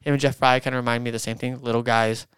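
An easygoing co-host talks in a casual, teasing way. His voice is very crisp and clean. It is recorded close, with a dry sound. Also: mid-range voice, level tone, rapid-fire, fairly bright tone, no echo. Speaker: podcast co-host. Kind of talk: casual chat.

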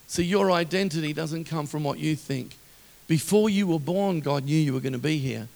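A middle-aged man preaching a sermon, telling stories with passion and rising to loud exhortation. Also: on the high side, moderate pace, creaky. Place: church hall. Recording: long reverb of a large hall.

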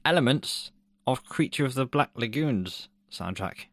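A man's voice: mid-range voice, lively intonation, unhurried, a bit bright, dry recording, studio quality. A man co-hosting a podcast in casual chat, laughing often and swearing loosely. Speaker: podcast co-host.

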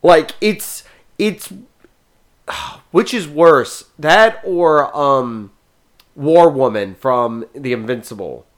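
Excitable rambling man hosting a podcast. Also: on the high side, drawn-out words. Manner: excitable and rambling, jumps between thoughts. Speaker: podcast host. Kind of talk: casual chat about movies.

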